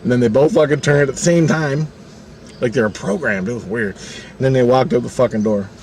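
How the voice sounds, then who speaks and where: Talking briskly at medium pitch, a man spins a casual yarn full of profanity. He laughs along the way and performs the other people's lines himself, animated throughout.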